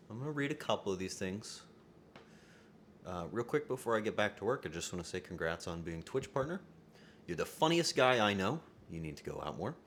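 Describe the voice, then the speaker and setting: A man streaming live from his home setup, rambling casually with sudden loud outbursts and soft asides. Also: fairly low pitch, a little hiss or hum.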